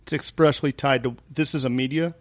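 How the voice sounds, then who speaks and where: A man's voice: mid-range voice, steady tone, fairly quick, no room sound. A man who is a guest on a podcast, chatting in a folksy way and setting up his points like small stories. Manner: folksy, storytelling. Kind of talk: casual panel chat.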